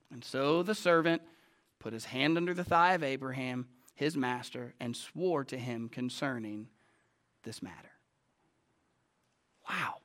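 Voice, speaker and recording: Bright high-voiced male pastor. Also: a little slow. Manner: self-deprecating, conversational, animated. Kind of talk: storytelling sermon. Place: church sanctuary.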